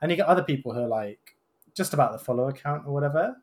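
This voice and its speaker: A man's voice: a little high, animated, rapid-fire. A man, a doctor hosting a casual podcast chat, rambling with lots of "kind of" and tag questions.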